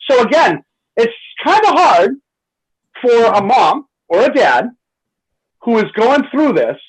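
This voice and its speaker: Talk radio host, male, husky, animated delivery, higher register. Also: slow pace, low-quality recording. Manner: animated, acts out quoted voices. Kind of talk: impassioned talk radio monologue.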